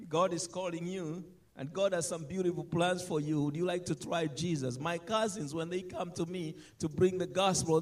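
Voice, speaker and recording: A man preaching a sermon, animated, swinging between loud emphatic lines and soft asides. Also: on the high side, gravelly.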